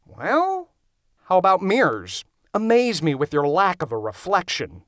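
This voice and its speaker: A man's voice: high voice, huge pitch swings, a little slow, fairly bright tone, no room sound, voice pushed up, full character voice. A man doing a sarcastic, doubting young guy. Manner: dry, sarcastic.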